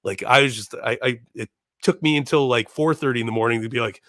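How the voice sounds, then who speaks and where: A man in his thirties from Chicago, a podcast guest telling a story in a casual, animated way, laughing and putting on voices. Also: medium pitch, fast, no room sound, studio quality.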